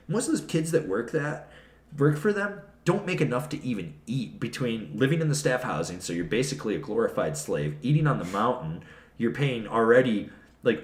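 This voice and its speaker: A man's voice: lowish voice, big pitch swings, normal speed. A man as a podcast guest telling stories in a blunt, profane, ranting way, recorded in an echoey room. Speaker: podcast guest, snowboard reviewer. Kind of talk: casual interview storytelling. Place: trade show.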